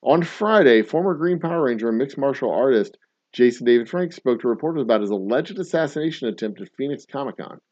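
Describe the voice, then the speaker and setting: A man's voice: mid-range voice, darkish tone, dry recording. A man hosting a casual livestream, reading a news story and riffing on it in a profane, incredulous way, in a dull, dry lo-fi recording. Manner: profane, incredulous, laughing riffs. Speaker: host.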